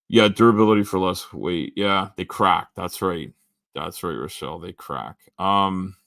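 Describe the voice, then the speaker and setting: Canadian male streamer, low voice, dry close mic, rambling casual delivery. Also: a bit bright, dry recording. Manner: rambling, halting, many restarts and ums. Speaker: livestream host. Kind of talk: casual livestream chat reading comments.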